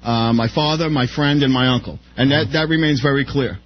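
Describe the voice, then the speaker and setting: A man's voice: mid-range voice, a little fast. A man who is a guest on a radio talk show, earnestly defending his view. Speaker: studio guest. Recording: dull lo-fi radio recording with faint hiss.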